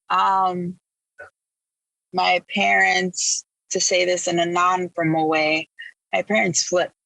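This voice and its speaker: A woman from Illinois recounts her path as a podcast guest, candid and emphatic in her storytelling. Her voice is bright and edged with gravelly fry, and the sound is dry and close. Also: lowish voice, dry recording, poor audio. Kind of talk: personal storytelling in an interview.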